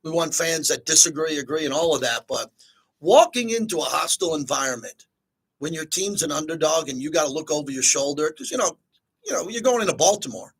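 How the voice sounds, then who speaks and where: A middle-aged man hosts a sports talk show in an upbeat, chatty manner. His voice is husky and sits a little high for a man. He moves easily between fan talk and sponsor reads. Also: animated, fairly quick, low-quality recording. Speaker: sports radio host.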